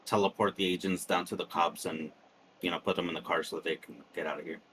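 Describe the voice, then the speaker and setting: Male player, lowish voice, casual, action-describing. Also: fairly even intonation, fast, a bit bright, a little hiss or hum. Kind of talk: casual tabletop play.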